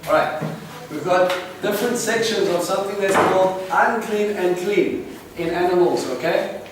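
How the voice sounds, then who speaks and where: A man giving an earnest, animated bible teaching to a congregation and asking them questions. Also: high voice. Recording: echoey room from a distant mic, noisy.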